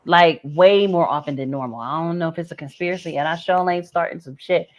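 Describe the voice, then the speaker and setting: A woman's voice: fairly low pitch, a little fast, heavy background noise. A woman comedian guesting on a podcast in casual chat, laid-back and amused.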